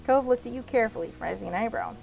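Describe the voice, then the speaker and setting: A woman's voice: a little high, animated, rapid-fire, gravelly, a little mellow, soft background music, low-quality recording. A woman reading a visual novel aloud as a let's play narrator, in the second person.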